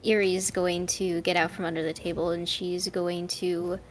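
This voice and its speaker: A woman's voice: lowish voice, little pitch movement, normal speed, faint music behind. A woman playing in a tabletop game, thinking aloud and hesitant. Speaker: player.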